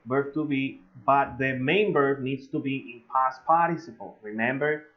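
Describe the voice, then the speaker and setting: A man whose first language is Spanish, teaching English grammar in an online lesson, slow and full of "eh" fillers, drawing out his example sentences. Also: mid-range voice. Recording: slightly dull lo-fi audio.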